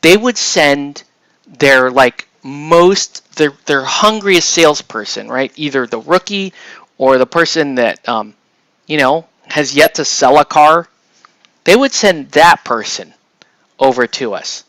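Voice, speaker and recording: A man's voice: fairly high pitch, expressive, takes it slowly, fairly bright tone, no room sound. A man casually telling a long personal story while painting, rambling with many restarts and tag questions. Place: home hobby room.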